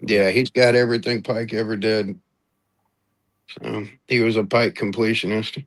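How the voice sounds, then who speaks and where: A man's voice: lowish voice, steady tone, unhurried. A laid-back man co-hosting a casual talk show, giving brief replies. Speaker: co-host. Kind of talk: casual chat.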